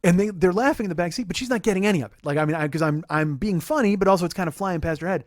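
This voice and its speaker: A man in his forties, a comedian hosting a podcast, telling a funny story in a sarcastic, profane, animated way. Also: sits high, rapid-fire, no echo, clean studio sound. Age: 40s. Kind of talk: comic storytelling monologue.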